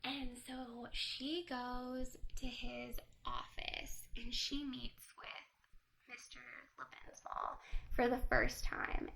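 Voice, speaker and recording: A woman's voice: a little high, takes it slowly, creaky, a little hiss or hum, poor audio. A young woman casually recapping a book on a podcast, animatedly acting out the characters' lines. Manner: animated storytelling, acts out quotes. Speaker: podcast co-host.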